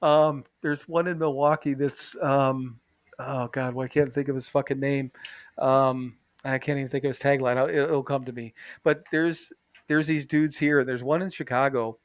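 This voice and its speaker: A man's voice: medium pitch, fairly even intonation, normal speed, no room sound. A man co-hosting a podcast in casual chat, rambling, swearing a lot and laughing often, talking from a bathroom. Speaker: podcast co-host.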